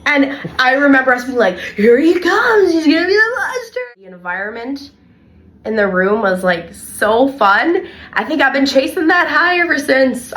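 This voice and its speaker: A young adult woman, co-hosting a casual podcast and telling animated stories from her childcare work with lots of "like". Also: mid-range voice. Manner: animated storyteller, heavy filler "like". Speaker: podcast co-host and childcare worker.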